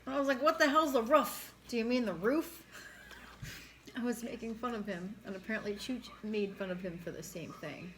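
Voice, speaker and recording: A woman's voice: mid-range voice, moderate pace, slight background noise. A woman from New York with a New York accent, chatting casually and laughing on a mukbang stream, teasing and mimicking how friends talk. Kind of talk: casual chat while eating.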